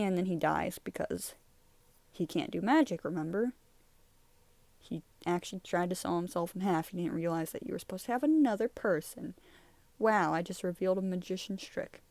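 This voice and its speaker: A young woman chats casually over her drawings, wandering off topic and giggling often. Her voice sits at an everyday middle pitch. The sound is dry and close, with no room echo. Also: normal speed. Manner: rambling, giggly, easily sidetracked. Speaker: YouTuber reviewing her own drawings. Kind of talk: casual chat.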